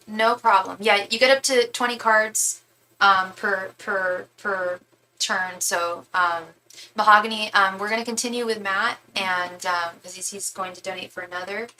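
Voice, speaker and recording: A young woman reads tarot live, chatting loosely and emphatically with lots of restarts and slang. Her voice is bright and sits at an ordinary pitch. Faint room noise hums behind her. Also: rough recording. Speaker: tarot reader. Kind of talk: live-stream tarot reading.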